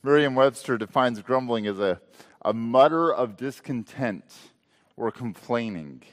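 Guy preaching a sermon in a church, voice swells then drops soft, echo hangs in the hall. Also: medium pitch, lively intonation, a little slow. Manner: rhetorical questions, swells and drops in volume. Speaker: pastor.

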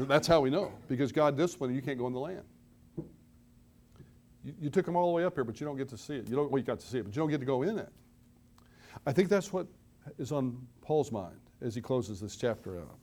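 A middle-aged pastor with a mid-range, darkish voice preaches to his congregation at a brisk pace with lively intonation. His tone stays conversational, with self-deprecating asides, and he leans hard into the story's dramatic moments.

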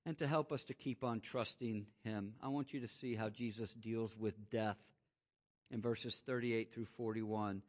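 A man preaching a sermon, swinging from loud, rising exclamations to quiet, hushed emphasis. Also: lowish voice, fairly even intonation, unhurried. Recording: muffled lo-fi sound.

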